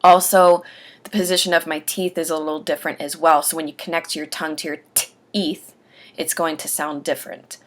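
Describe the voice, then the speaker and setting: A woman talking earnestly about getting used to dentures, pausing between phrases as she gives advice. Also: low voice, level tone. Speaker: host sharing denture aftercare advice. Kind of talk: casual instructional talk.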